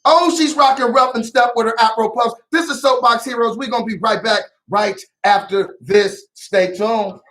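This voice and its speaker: A man hosting a casual news commentary show, talking in an animated, teasing way with laughing asides. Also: very high voice, moderate pace, few pauses, soft background music. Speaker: host.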